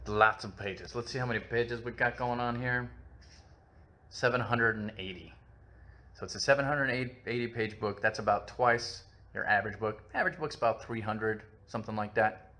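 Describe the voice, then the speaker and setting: A man's voice: fairly low pitch, moderate pace, pushed and bright. A man hosting a casual live-stream book chat, talking on at length in a rambling, self-mocking way with lots of filler.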